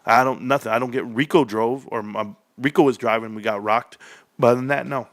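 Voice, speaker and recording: A man in his thirties hosting a stock livestream, ranting excitedly and telling rambling stories. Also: fairly quick. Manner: hyped, rambling, loud swings, laughs often; lower storytelling mode.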